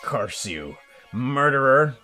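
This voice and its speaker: A man voicing a sly, mocking female demon for an animation script read-through, with teasing, drawn-out lines. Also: mid-range voice, very animated, sharp tone, faint music behind, heavily acted.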